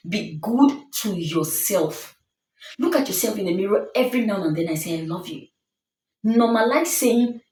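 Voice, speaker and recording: A woman's voice: mid-range voice, darkish tone. Earnest woman, roomy and distant. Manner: earnest, emphatic, repeats phrases as refrains. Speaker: self-help vlogger. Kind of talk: motivational talk to camera. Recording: roomy sound, distant mic.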